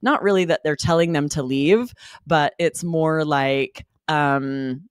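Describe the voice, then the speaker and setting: A woman with a low voice co-hosts a relaxed English lesson podcast. She talks casually and acts out example sentences in a lively way. The recording is dry and close. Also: takes it slowly, clear, resonant tone, dry recording. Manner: animated, acts out example phrases. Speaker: podcast co-host, English teacher.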